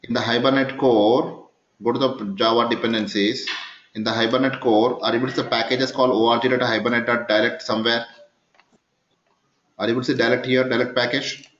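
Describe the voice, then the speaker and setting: Teaching a live coding class, this programming instructor constantly quizzes the room with yes-or-no questions. His voice is medium-pitched, flat, a bit bright and a little fast. The session was captured in an echoey, dull recording with slight background noise.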